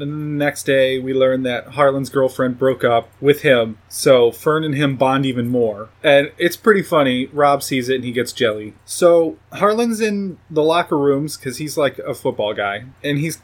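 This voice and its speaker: A man's voice: medium pitch, normal speed, few pauses. A man giving a casual, rambling, profane recap of a movie plot, often laughing at his own jokes. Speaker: movie reviewer.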